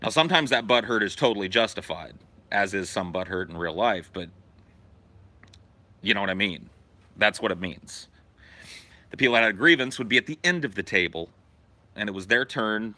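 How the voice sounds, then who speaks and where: A man telling a profane story in a casual, animated way as a podcast host. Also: on the low side, normal speed, pauses often.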